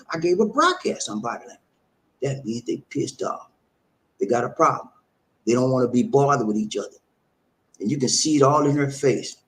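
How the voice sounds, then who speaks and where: A man giving relationship advice in a lively, sing-song voice, pitched a little high for a man. He is preachy and repeats his points as he speaks straight to his listeners. A faint rumble runs underneath. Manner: preachy, repeats himself, talks straight to the audience. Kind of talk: casual advice broadcast.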